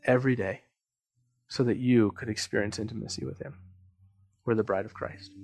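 A man preaching as pastor, telling a story earnestly and swinging from emphatic lines to hushed ones. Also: on the low side, steady tone, normal speed, creaky, pauses often, music in the background. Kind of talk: sermon. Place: church.

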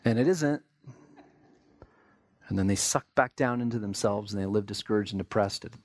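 A man's voice: on the low side, normal speed, long pauses, no room sound. An American man preaching a sermon in a conversational way, acting out everyday people's remarks in quotes. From United States. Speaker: pastor.

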